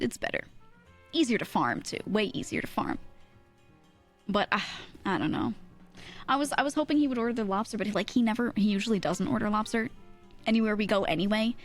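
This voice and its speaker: Young woman streamer rambling through a story, super bouncy pitch, laughs a lot, lots of likes and ums. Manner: animated, laughs often, many fillers. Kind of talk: casual storytelling chat.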